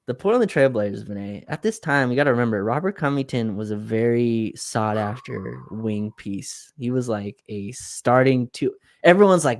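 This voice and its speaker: A man's voice: mid-range voice, animated, moderate pace, hardly any pauses. A man co-hosting a casual sports livestream, ranting with exasperation and laughter. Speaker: podcast co-host.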